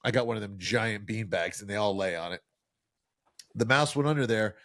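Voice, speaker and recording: Relaxed male podcast host, chatty, dry close sound. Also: fairly low pitch, brisk, no room sound. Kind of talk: casual podcast chat.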